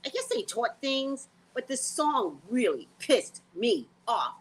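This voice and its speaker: A woman's voice: high voice, slow, husky. A woman psychic hosting her own vlog, rambling bluntly and casually. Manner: animated, blunt, sings and repeats phrases.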